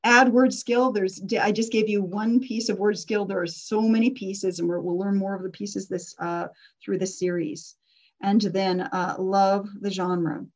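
A woman's voice: mid-range voice, fairly even intonation, measured pace. A woman teaching a persuasion workshop in a casual, conversational way, often putting questions to her audience.

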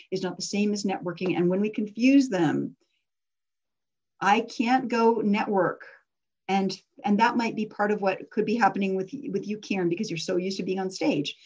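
A woman's voice: mid-range voice, darkish tone, highs cut off. A woman teaching a persuasion workshop in a casual, conversational way, often putting questions to her audience.

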